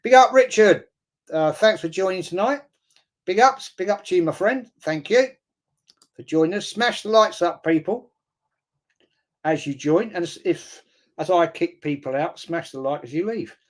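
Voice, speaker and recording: A man's voice: high voice, animated, normal speed. A man hosting a football watch-along live stream, reading viewer comments and answering them bluntly and combatively, with frequent swearing.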